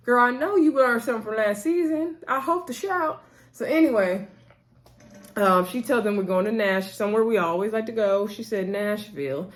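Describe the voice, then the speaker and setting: A woman's voice: fairly high pitch, expressive, moderate pace. Chatty woman recapping a reality show. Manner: chatty, retells scenes in quoted back-and-forth; sassy asides addressing cast as "girl". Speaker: TV recap vlogger. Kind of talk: casual recap chat.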